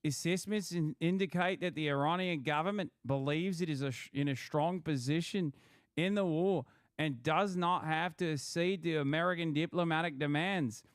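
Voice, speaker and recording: A man's voice: fairly high pitch, moderate pace, smooth, no room sound, clean studio sound. A young man giving casual, profane, sarcastic reaction commentary.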